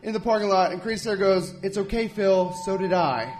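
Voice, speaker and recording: A young man performing a stand-up comedy set at a live event, telling a story with lively voices for the people in it. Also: sits high, a little fast, noisy background. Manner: animated storytelling, acts out characters with shouts and whispers. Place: live podcast event before an audience.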